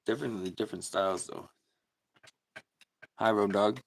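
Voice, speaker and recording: This livestream host speaks at a moderate pace in a fairly low voice touched with vocal fry. Relaxed and quick to laugh, he reads out viewer comments during a casual chat.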